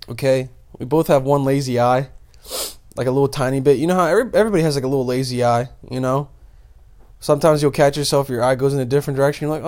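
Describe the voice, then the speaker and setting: A man's voice: medium pitch, fast talker, a little mellow. A young man hosting a podcast solo, telling crude, rambling stories full of swearing and jokes. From Bosnia. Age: young adult. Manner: rambling, profane, jokey storytelling. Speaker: podcast host. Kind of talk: crude casual monologue.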